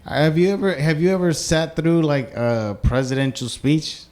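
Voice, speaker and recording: A man's voice: fairly high pitch, normal speed, darkish tone. A man co-hosting a podcast, chatting casually with dry, profane wisecracks. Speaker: podcast co-host. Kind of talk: casual chat.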